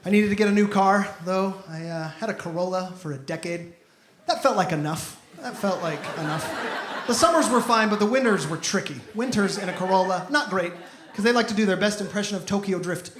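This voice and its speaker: High-voiced man doing stand-up. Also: fast. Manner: deadpan storytelling with bursts of mock outrage. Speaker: stand-up comedian. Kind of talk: stand-up comedy set. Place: comedy club stage with a live audience. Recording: echoey room with noise.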